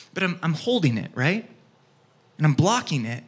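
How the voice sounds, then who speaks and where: A man preaching a sermon, telling a childhood story with lively acted-out scenes and dropping to a soft, quiet tone for his main points. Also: fairly high pitch, normal speed. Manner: animated storytelling, acts out scenes, drops soft for key points. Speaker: pastor.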